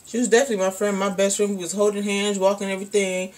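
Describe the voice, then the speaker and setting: A woman's voice: medium pitch, flat delivery, rapid-fire, a little mellow. A young woman vlogger telling a personal story in a casual, rambling way, full of "like" and "um". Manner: rambling, candid, lots of "like" and "um".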